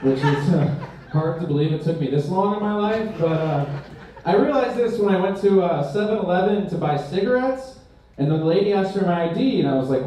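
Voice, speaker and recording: Halting self-deprecating male comic. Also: fairly high pitch, mellow. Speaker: stand-up comedian. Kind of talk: stand-up comedy. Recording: echoey room, distant mic, crowd noise.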